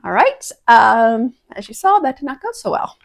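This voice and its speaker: A woman's voice: a little high, very animated, moderate pace, vocal fry, background noise. A woman casually testing kitchen gadgets at home, chatty and prone to dramatic exclamations. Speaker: product-testing vlogger. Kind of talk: casual kitchen product review.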